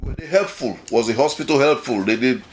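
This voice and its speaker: A man's voice: mid-range voice, fairly quick, slight background noise. A man with a Nigerian accent hosting an interview, prompting and probing his guest. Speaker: host. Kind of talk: interview questions.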